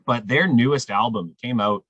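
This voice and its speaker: Animated, husky-voiced man. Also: moderate pace, no echo, dull audio. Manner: animated storyteller, jumps pitch when quoting others. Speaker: festival programmer. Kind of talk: casual podcast chat.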